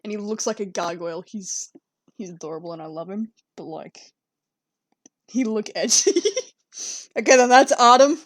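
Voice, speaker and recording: A woman's voice: mid-range voice, moderate pace, pauses often, dry recording. A young woman chatting casually as she draws on stream, rambling and giggling and talking to her cats. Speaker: streamer drawing fan art. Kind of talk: casual chat while drawing.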